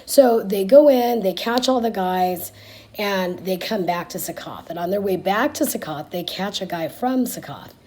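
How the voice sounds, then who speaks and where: A woman's voice: medium pitch, animated, normal speed, darkish tone. A woman casually retelling a Bible story in a slangy, chatty way, dropping to a whisper for asides.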